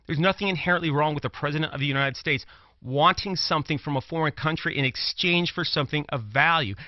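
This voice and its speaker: A man's voice: on the high side, fast, dry recording. Brooklyn guy talking politics on a show, punchy, repeats himself, dry lo-fi sound. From Brooklyn, New York. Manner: emphatic, repeats phrases when worked up. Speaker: commentator, former prosecutor. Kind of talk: political commentary talk show.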